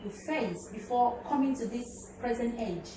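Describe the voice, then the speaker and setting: A woman hosting an interview, encouraging and quick with short acknowledgements. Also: on the high side. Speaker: interview host. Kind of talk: casual interview. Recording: distant and very echoey, with background noise.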